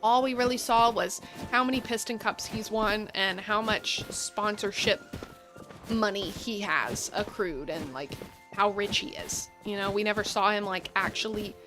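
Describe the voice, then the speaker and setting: A woman's voice: medium pitch, a little slow, over music. A woman streaming gameplay, chatting casually and rambling through enthusiastic tangents while seated at her gaming setup. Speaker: game streamer.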